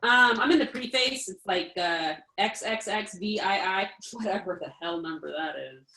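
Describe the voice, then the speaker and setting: A woman's voice: medium pitch, normal speed, bright, forceful tone, echoey room, poor audio. A woman in a casual group discussion, reading passages from a book and musing aloud with many fillers. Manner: reads passages then muses aloud with fillers.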